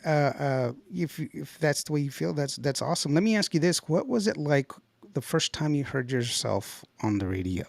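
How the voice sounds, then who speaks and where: A man's voice: a little high, expressive, normal speed, vocal fry, no room sound. A man hosting a live radio interview, joking around and laughing. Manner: joking, laughs often, repeats words. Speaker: radio host.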